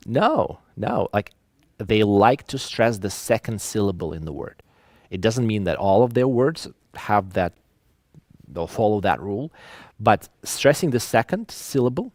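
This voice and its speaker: A man giving an online lecture, talking in an animated way with musing asides and reading examples aloud. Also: on the low side, normal speed, no echo.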